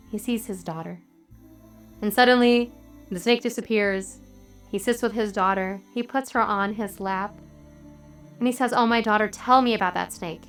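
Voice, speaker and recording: A woman religious teacher telling a story in a sermon, earnest and measured, with dramatic pauses. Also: mid-range voice.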